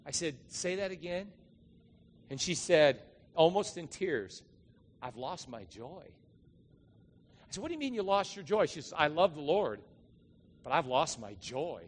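A man's voice: on the high side, very animated, normal speed, in a large hall, slight background noise. A man, a pastor giving a conversational, storytelling sermon to his congregation. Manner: conversational, storytelling, emphatic rises. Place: church.

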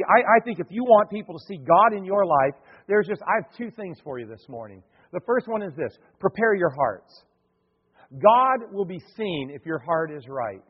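A man preaching a sermon as a pastor, earnest, telling a story, moving from loud emphasis to quiet. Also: high-pitched, breathy edge. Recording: echoey hall, dull lo-fi sound.

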